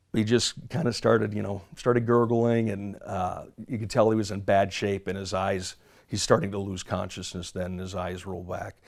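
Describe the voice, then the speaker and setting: Low, gravelly man recounting events. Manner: measured, narrative recounting. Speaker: first responder recounting an event. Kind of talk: interview recollection.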